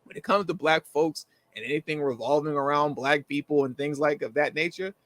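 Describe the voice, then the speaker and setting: A man co-hosting a casual commentary chat, animated and slangy, acting out the people he quotes. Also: a little high, a little fast, dry recording. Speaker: co-host.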